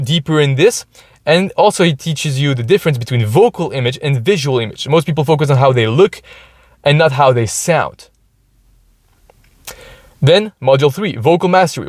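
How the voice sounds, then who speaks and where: A man's voice: on the high side, no room sound, studio quality. A man hosting a podcast, explaining things casually with many restarts, talking from inside a hot car. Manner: explaining, thinking aloud with restarts. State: overheated. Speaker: podcast host. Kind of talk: casual solo podcast talk.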